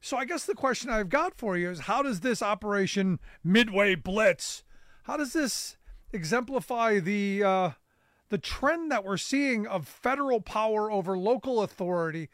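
A man's voice: sits high, expressive, normal speed, a bit bright, no echo, clean studio sound. A male radio talk show host chatting about politics, casual and full of fillers and restarts. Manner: conversational, many fillers and restarts. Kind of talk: reading a history segment.

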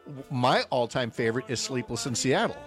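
A man's voice: medium pitch, animated, a little fast, fairly bright tone, soft background music. A man in his fifties hosting a radio morning show, chatting casually and joking with fillers. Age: 50s. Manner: chatty, jokey, loose with fillers.

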